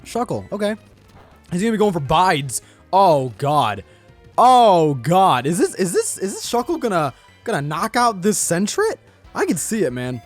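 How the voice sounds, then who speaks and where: Lively, joking man doing game commentary. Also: high voice, unhurried, faint music behind. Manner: excitable and joking, laughs often. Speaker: gaming channel host. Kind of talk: casual gameplay commentary.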